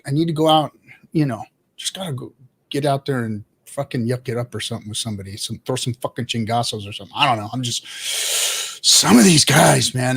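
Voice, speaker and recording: A man hosting a live stream, ranting angrily with heavy swearing, then greeting his chat casually. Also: mid-range voice. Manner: angry, profane ranting with swearing and restarts. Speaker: livestream host. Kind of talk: profane live-stream rant.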